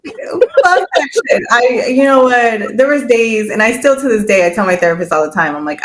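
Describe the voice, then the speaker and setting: A woman's voice: mid-range voice, lively intonation, normal speed, a bit bright. Candid, laughing woman chatting. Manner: candid, swears freely, laughs often. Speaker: podcast guest. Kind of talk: casual chat.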